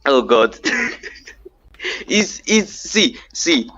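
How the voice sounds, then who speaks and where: A man's voice: medium pitch, sing-song, extremely slow, bright, forceful tone, dry recording, dull audio. A man, patiently explaining slang in casual chat, often repeating himself as he restarts sentences.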